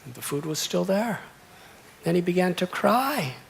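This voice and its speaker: With slight background noise, a gravelly, high-sitting male voice swings widely in pitch at a measured pace. He is an American monk in his sixties telling a devotional story in a temple sermon, fond of repeating lists.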